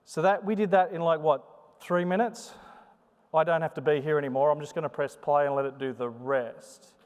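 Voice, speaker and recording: A man's voice: on the high side, brisk, clear, resonant tone. A man giving a chatty, joking conference talk in a sing-song way. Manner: chatty, joking, animated delivery. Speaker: conference presenter. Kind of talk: live conference talk with demo. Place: conference hall. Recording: long hall reverb.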